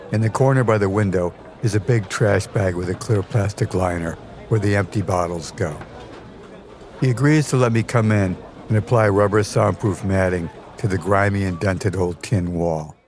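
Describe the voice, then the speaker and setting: Low-voiced man narrating a memoir. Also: a little mellow. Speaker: podcast narrator.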